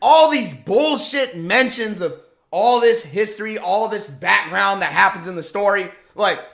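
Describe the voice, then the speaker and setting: A man giving a profane, exasperated rant as an anime commentator, firing off rhetorical questions and often shouting. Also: sits high, vocal fry.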